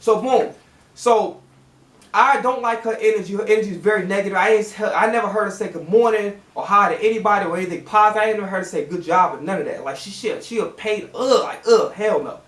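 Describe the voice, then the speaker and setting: A man's voice: high voice, fast talker, fairly bright tone. A man telling a casual storytime in a heated, profane rant that acts out both sides of an argument. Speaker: storytime vlogger. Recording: roomy echo.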